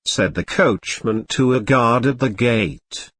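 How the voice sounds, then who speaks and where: A man reading a classic novel aloud as an audiobook, in a measured storytelling manner with light shifts for the characters. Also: medium pitch, a bit bright, dry recording. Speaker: narrator.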